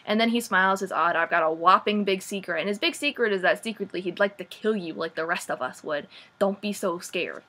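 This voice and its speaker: A young woman recapping a book in a casual vlog, sarcastic and animated, saying "like" a lot. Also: mid-range voice, brisk. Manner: sarcastic, says "like" often, animated. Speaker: vlogger.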